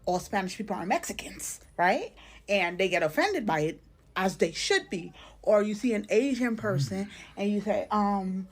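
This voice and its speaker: A woman from the Caribbean speaks in a social media clip with an emphatic, explaining manner. Her voice sits at an ordinary middle pitch for a woman. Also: expressive, normal speed.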